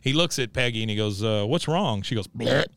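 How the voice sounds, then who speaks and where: A man's voice: on the low side, fast talker, creaky, smooth, no room sound. Guy on a podcast recapping an episode, acts out the lines, dry close sound. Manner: retells scenes, quoting characters in an animated voice. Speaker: podcast co-host. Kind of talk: casual recap chat and ad read.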